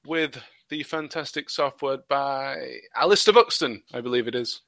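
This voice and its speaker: A man co-hosting a casual podcast, matter-of-fact with deadpan jokes. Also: mid-range voice, moderate pace, gravelly, dry recording. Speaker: podcast co-host. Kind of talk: casual chat.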